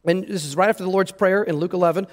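A man's voice: high voice, fast. A pastor preaching an earnest sermon, emphatic and repeating words as he stresses his points. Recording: long hall reverb.

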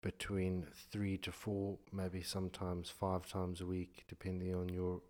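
A man's voice: deep voice, monotone, a little slow, darkish tone. A man co-hosting a podcast in casual chat, dry and laid-back with a teasing edge. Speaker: podcast co-host.

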